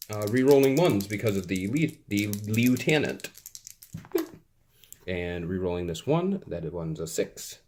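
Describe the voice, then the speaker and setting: Man narrating his dice rolls, slow and chatty. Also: on the low side, a little mellow, a little hiss or hum. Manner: chatty, playfully exasperated, sound effects while rolling dice. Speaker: tabletop wargame player. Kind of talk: casual play-by-play of a tabletop game.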